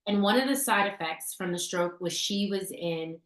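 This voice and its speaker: A woman's voice: medium pitch, normal speed, a bit bright. A woman co-hosting a casual talk show, telling a story in a chatty way, with fillers and restarts. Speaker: podcast co-host sharing essential oil tips. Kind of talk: casual chat. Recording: roomy echo.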